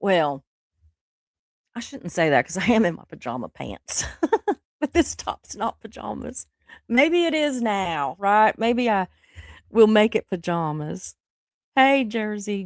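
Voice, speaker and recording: A woman's voice: mid-range voice, no room sound. Middle-aged woman, flu-sick livestream host, chatty and rambling, mid-range voice, dry sound. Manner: rambling, chatty, laughs often, reads chat aloud. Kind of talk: casual chat with live viewers.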